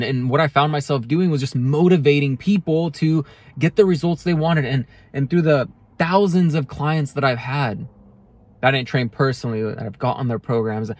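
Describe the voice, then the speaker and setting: A man's voice: mid-range voice, dry recording. A man speaking earnestly to camera in a heartfelt motivational monologue, often restarting his sentences. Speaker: self-help video creator.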